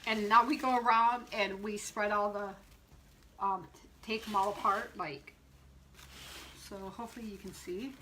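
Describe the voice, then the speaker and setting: A woman's voice: mid-range voice, fairly even intonation, moderate pace, pauses often, pushed and bright, slight background noise, poor audio. A middle-aged woman and shop owner demonstrating wreath making on a live stream, chatting, laughing and greeting viewers by name as she works.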